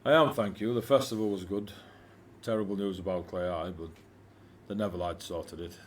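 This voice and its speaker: A man voicing a gruff middle-aged male dwarf warrior, blunt and hesitant, with filler words. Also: low voice, fairly even intonation, normal speed, slight background noise, lightly acted.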